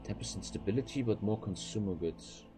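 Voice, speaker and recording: Over background music, a young man with a lowish voice talks a little quickly while playing a strategy game on stream. His casual chat to viewers wanders, full of profanity and filler.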